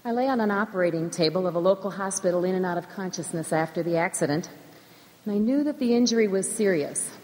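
Woman, middle-aged, schoolteacher, earnest church testimony, measured emphatic delivery, long church reverb. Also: on the low side, darkish tone. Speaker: public school teacher. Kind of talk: personal faith testimony in church. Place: church sanctuary.

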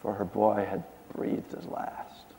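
A man performing a first-person monologue as an aged male prophet, shifting between hushed and impassioned delivery. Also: on the low side, expressive, slow, vocal fry, slight background noise, voice pushed down, full character voice. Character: aged male prophet recounting his miracles. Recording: long hall reverb.

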